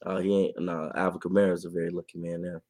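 A man co-hosting a podcast and reporting on sports, talking in a casual, animated way and laughing often. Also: deep voice, quick pace, dry recording. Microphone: podcast mic.

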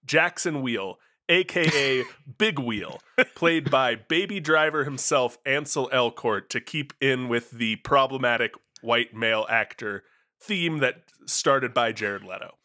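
A man on a comedy podcast pitching ideas with mock earnestness and dry humor. His tone is bright and forward, at an ordinary middle pitch. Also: unhurried. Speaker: podcast co-host. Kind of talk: casual comedic chat.

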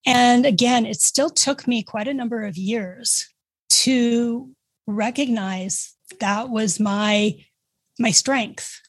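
A woman with a Canadian accent, a guest who runs a pet care business, speaking in a measured, earnest, reflective way. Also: a little high, slightly rough, no room sound. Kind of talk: casual interview chat.

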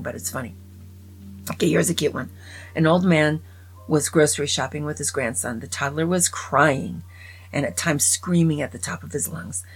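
A woman's voice: fairly low pitch, breathy edge, low-quality recording. A woman casually reading jokes aloud, chatting between them and often dropping to a whisper, with faint music behind. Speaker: joke reader. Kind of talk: casual joke telling.

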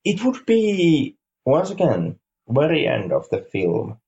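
A man co-hosting a podcast, reviewing a film in casual chat, halting and repeating words, with dry dark humor. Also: on the high side, wildly swooping pitch, creaky, highs cut off. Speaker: podcast co-host.

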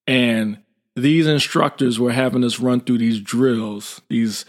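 A man's voice: medium pitch, takes it slowly. A middle-aged man, a military veteran, tells a story in a casual, blunt and informal way. He livens it up by acting out the dialogue in it. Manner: lively, acts out quoted dialogue.

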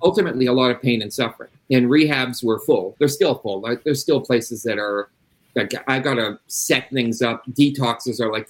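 A man's voice: medium pitch, normal speed, rough recording. A middle-aged man who works as an addiction interventionist, talking bluntly and emphatically with plenty of swearing in a casual interview.

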